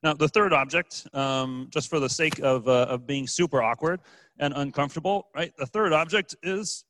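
A man's voice: fairly high pitch, moderate pace, fairly bright tone, a little hiss or hum. A man preaching a casual, joking sermon as a pastor, with frequent fillers and restarts. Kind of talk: conversational sermon.

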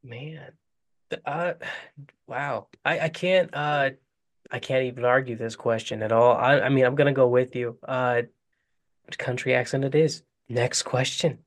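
A man hosting a podcast in casual chat, animated and laughing, often stammering over restarts. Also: mid-range voice, unhurried. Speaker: podcast host.

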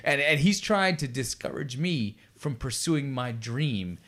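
A man in his forties, of Puerto Rican heritage, telling a story in casual chat, profane and animated. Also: medium pitch, unhurried. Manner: profane, animated, lots of restarts. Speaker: podcast guest.

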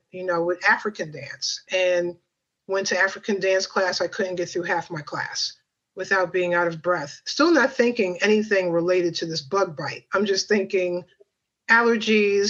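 A woman guest on a podcast recalls her story in a chatty, rambling way, full of fillers and asides. Her voice sits at a middling pitch. It comes through a slightly dull, lo-fi line. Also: steady tone, normal speed, fairly bright tone. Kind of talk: personal storytelling.

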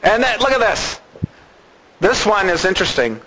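A man preaching a sermon in an animated way, acting out the voices of the people he talks about. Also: high-pitched, moderate pace, slight background noise, poor audio.

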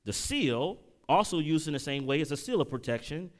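A middle-aged man delivering a sermon in a lively, animated way. His voice rises and falls widely as he tells stories and keeps asking the congregation whether they are following along. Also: a little high, a little fast. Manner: animated preaching, audience call-outs, emotional storytelling. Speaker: pastor.

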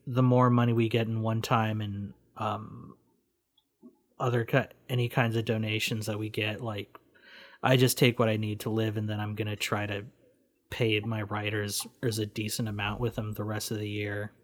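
A man's voice: on the low side, little pitch movement, moderate pace. A man being interviewed on a podcast, talking bluntly with many fillers and restarts. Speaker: guest, independent researcher running a news project.

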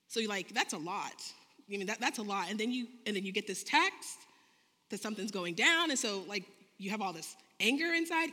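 A preacher in her thirties delivers a story-filled sermon, acting out conversations with big, lively jumps in pitch. She speaks a little fast and animatedly, and a large hall gives her voice a long reverb.

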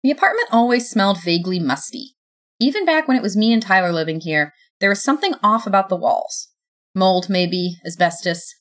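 A young adult woman reading a first-person story aloud in a sardonic, lively way. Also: medium pitch, brisk. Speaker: narrator.

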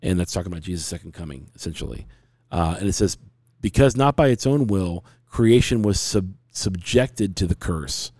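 Low, mellow-voiced man telling a story. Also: expressive, normal speed, dry recording, clean studio sound. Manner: rambling, frank, with many restarts. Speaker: podcast host. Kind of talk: casual talk show storytelling.

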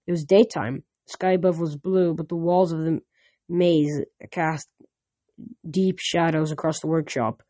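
A reader working through a novel aloud in the first person, often stumbling and restarting sentences. The voice is mellow and warm, recorded close and dry. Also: medium pitch, fairly even intonation, no room sound. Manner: halting reading with frequent slips and restarts.

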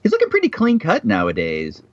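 A man's voice: fairly high pitch, wildly swooping pitch, fairly quick, no room sound, lo-fi sound. A man co-hosting a casual chat show, teasing and joking as he tells a story. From United States. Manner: teasing, jokey, puts on a mock Russian accent in bits. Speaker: podcast co-host.

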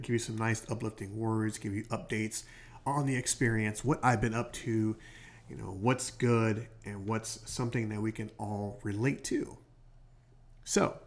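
A man hosting his own podcast, telling a rambling story in a casual late-night monologue from a hotel room, stopping often to correct himself. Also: lowish voice. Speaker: podcast host. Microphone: home podcast microphone.

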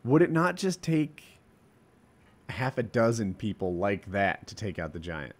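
Lively-voiced man chatting casually. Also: fairly low pitch, a little slow, husky. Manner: animated, mimics others mid-story. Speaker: podcast co-host. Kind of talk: casual chat.

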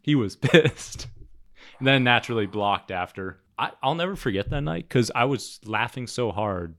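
A man's voice: medium pitch, lively intonation, moderate pace, a bit bright, dry recording, studio quality. A young man co-hosting a podcast, telling a story with frequent laughter and profanity in casual chat. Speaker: podcast co-host.

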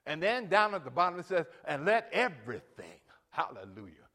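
A man in his late sixties preaching a sermon, telling family stories and directing the band and congregation, his voice rising loud for emphasis. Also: high voice, very animated, a little fast. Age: 60s. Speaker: pastor.

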